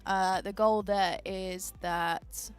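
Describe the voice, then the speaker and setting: A woman presenting on a livestream in an average-pitched voice. She explains things casually and upbeat, with a few ums. Faint music plays in the background. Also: fairly even intonation, extremely slow, clean tone. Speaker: stream presenter explaining charity goals. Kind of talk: casual chat.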